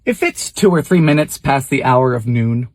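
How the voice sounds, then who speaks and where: A man hosting a comedic cooking show, narrating in a theatrical, sardonic way with sudden jumps in pitch and loudness, in a home kitchen. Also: lively intonation, normal speed. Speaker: host of a vintage cooking show.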